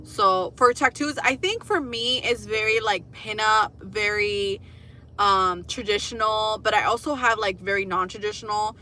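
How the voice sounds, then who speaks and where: A young woman hosting a casual livestream, telling animated, profane stories and laughing at her own jokes. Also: medium pitch, measured pace. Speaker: livestream host.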